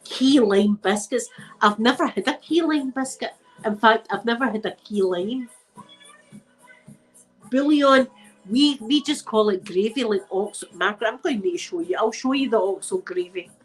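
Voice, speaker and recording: A woman's voice: fairly high pitch, moderate pace, poor audio. A Scottish woman hosting a casual livestream from home, chatting with viewers in a rambling, laughing way, with a blocked nose. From Scotland. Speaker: ASMR channel host. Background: faint music playing.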